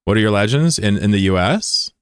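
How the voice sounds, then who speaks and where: A man's voice: on the low side, expressive, brisk, clean tone, no room sound, clean studio sound. A man streaming live in casual chat, joking and swearing as he reads out viewer comments. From United States. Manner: joking, profane, rambling asides.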